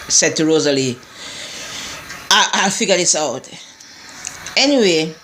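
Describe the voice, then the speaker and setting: A woman's voice: sits low, a bit bright, a little hiss or hum. Rambling woman recapping a TV episode. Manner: rambling, digressive, with many restarts and asides. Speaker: TV show reviewer. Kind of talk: casual episode recap chat.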